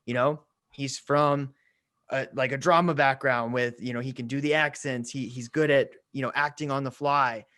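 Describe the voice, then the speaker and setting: A man's voice: medium pitch, steady tone, moderate pace, a bit bright. Enthusiastic slangy male podcast co-host. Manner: enthusiastic, slangy, calls friends "bro". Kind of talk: casual chat.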